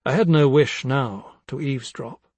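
Man, audiobook narrator, husky voice, dry close sound, measured and reflective. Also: mid-range voice, darkish tone, no room sound.

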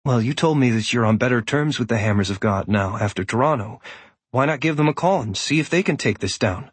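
A man's voice: mid-range voice, expressive, a little fast, breathy edge, no room sound. A man voicing a practical, curious young woman druid who asks reasoning questions.

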